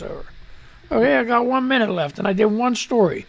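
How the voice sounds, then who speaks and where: A man with a gravelly, rough-edged voice hosts a live radio show, ranting and swearing between news items. He grumbles at his microphone and drifts on and off it, his level jumping as he moves. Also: very high voice, animated, brisk, a little hiss or hum. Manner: profane, irritable rant, fiddling with the mic. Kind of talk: unscripted live radio talk and news reading. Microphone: studio microphone at shifting distance.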